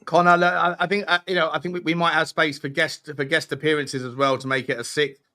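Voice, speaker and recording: A young man hosting a livestream, energetic and rambling with restarts. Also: on the high side, quick pace. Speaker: livestream host. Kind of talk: casual livestream chat.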